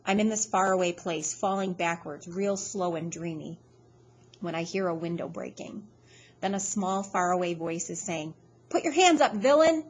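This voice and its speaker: A woman reading a first-person novel aloud in a steady, measured storytelling voice. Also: on the low side, poor audio. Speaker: audiobook reader.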